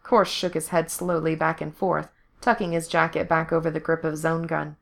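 A woman narrating a story aloud in a steady, even reading. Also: low voice, normal speed, gravelly, few pauses. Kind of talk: fan fiction reading.

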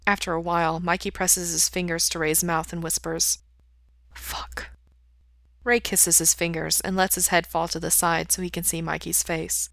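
A woman reading a story aloud in a calm, even way. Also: on the low side, moderate pace, gravelly, hardly any pauses, no room sound. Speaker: reader. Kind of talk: storybook narration.

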